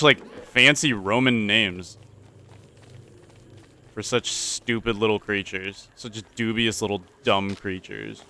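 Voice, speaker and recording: A man's voice: fairly low pitch, fairly even intonation, slow, pushed and bright, slight background noise. A young man casually commenting while playing a survival video game, goofy and rambling as he talks to his viewers. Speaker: gaming channel host. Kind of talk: let's-play commentary.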